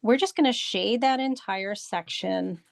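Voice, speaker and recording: Slow, patient woman teaching drawing. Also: a little high, vocal fry, dry recording, clean studio sound. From United States. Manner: patient, repeats steps. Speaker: art instructor. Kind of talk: step-by-step drawing lesson.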